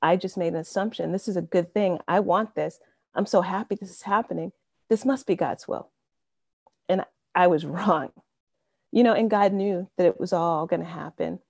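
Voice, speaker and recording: A woman in her fifties gives a faith testimony over a video call, earnest and conversational, often saying "you know." Her voice is on the low side and creaky with a darkish tone, she speaks at normal speed, and the recording is dry.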